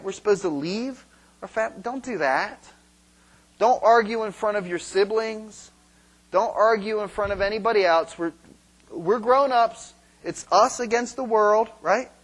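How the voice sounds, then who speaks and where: A man preaching a sermon on marriage in a conversational way, asking the congregation questions and acting out quarrels. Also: high voice. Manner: acts out quarrels in quoted voices.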